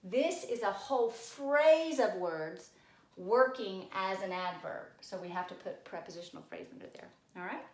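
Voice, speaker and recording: Animated woman teacher in an echoey room. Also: mid-range voice, normal speed. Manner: animated, coaxing, addresses class directly. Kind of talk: recorded grammar lesson for pupils.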